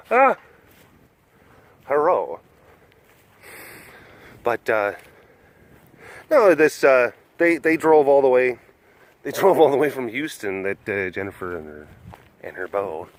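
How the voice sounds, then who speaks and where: Walking outdoors at a big cat facility, a male vlogger rambles casually and chuckles often. His medium-pitched voice is animated but a little slow, with frequent pauses.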